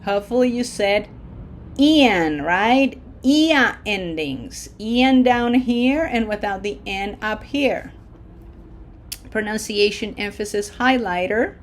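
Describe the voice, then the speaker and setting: Slow, deliberate woman teaching a lesson. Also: medium pitch, steady tone, a little hiss or hum. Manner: slow, deliberate modeling of pronunciation with encouraging checks. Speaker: Spanish teacher. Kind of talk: language lesson.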